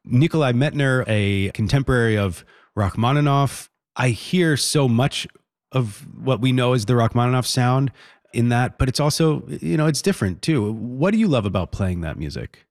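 A man hosting a classical music radio interview, asking measured, appreciative questions. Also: mid-range voice, animated, dry recording, clean studio sound. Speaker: radio host.

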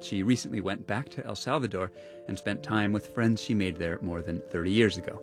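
A man hosting a radio segment, reading a scripted introduction in a measured way. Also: lowish voice, music in the background. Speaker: radio host.

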